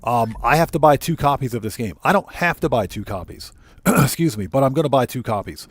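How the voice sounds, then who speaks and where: A GTA streamer and content creator plays a video game live, reading chat and commentating in a loose, rambling, easygoing way full of fillers and self-corrections. His mid-range voice is expressive, fairly quick and slightly rough, captured in a dry recording.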